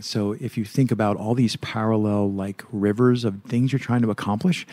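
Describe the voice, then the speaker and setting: A man hosting a casual team podcast chat, animated and quick to restart his sentences. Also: fairly low pitch, no echo. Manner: animated, restarts often, self-described process freak. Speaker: podcast host.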